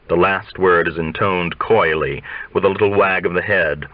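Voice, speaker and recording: A man narrating a literary novel aloud in a measured, deliberate way. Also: low-pitched, steady tone, dry recording. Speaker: audiobook reader. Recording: dry, dull lo-fi sound.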